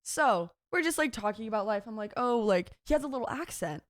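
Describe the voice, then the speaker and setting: A young woman in her twenties co-hosting a podcast, telling a story in a playful, animated way and acting out quotes. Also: fairly high pitch, brisk, dry recording, studio quality. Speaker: podcast co-host. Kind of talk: casual storytelling chat.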